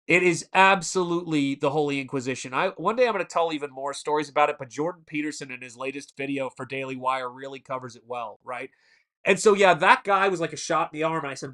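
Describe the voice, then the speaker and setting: A man's voice: a little high, a little fast, bright, forceful tone. A man in his forties hosting a casual live stream, telling rambling stories and stopping to answer the chat. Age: 40s. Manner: rambling storyteller who answers chat mid-story.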